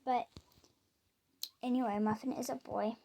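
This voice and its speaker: A woman's voice: a little high, fairly even intonation, unhurried, dark tone. A young woman chatting casually at home in a rambling pet vlog, with plenty of fillers. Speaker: pet vlogger. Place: home, indoors.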